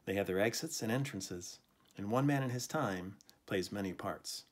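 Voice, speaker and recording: Formal man giving a farewell speech. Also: lowish voice. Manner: measured, formal. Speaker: teacher.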